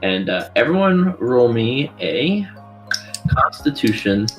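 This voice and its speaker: A man narrating as dungeon master, halting and full of filler words. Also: medium pitch, very animated, faint music behind. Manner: halting, full of ums and likes. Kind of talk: narrating a tabletop game.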